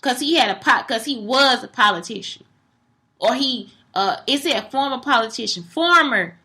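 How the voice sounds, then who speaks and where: A young woman delivers a casual, blunt monologue, swearing freely and animated throughout. Her voice sits high and sounds bright and forward. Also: moderate pace.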